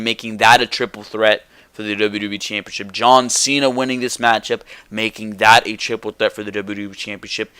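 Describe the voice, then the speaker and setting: Man, casual host, blunt and excitable, drops slang, mid-pitched, clean smooth voice. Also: no echo. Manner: blunt and excitable, casual swearing, says "bro". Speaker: wrestling show host. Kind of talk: casual predictions commentary.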